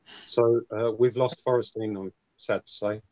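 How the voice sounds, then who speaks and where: A man hosting a live talk show over a video call, relaxed and thoughtful with dry humor. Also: medium pitch, measured pace, no room sound, low-quality recording. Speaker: host. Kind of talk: casual chat.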